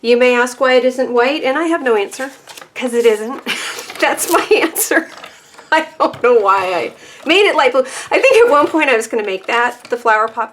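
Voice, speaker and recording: Chatty woman crafting, slightly high voice. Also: fairly bright tone, slight background noise. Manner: chatty, self-deprecating, laughs often. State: a bit out of breath. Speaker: papercraft demonstrator. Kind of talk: casual crafting tutorial.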